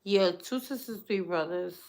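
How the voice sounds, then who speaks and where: A young woman from the Bronx, chatting casually and telling a story in a lively, drawn-out way. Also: lowish voice. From the Bronx, New York. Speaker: vlogger.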